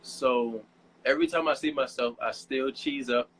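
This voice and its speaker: Young guy chatting on a talk show, laughs a lot, gets giddy telling his story, mid pitch, faint hiss behind. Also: moderate pace, a bit bright, rough recording. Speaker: guest model. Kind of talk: casual interview chat.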